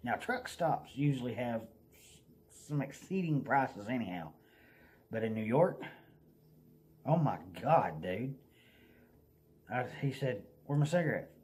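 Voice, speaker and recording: A man with a Southern US accent telling a folksy, animated story in a casual vlog, laughing as he goes. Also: mid-range voice, takes it slowly, pauses often.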